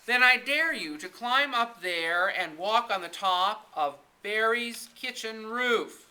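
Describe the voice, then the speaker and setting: A man's voice: high voice, animated, slow pace, voice pushed up, exaggerated voice. A man voicing a scornful, taunting schoolgirl in a storybook reading. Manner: taunting, sharp.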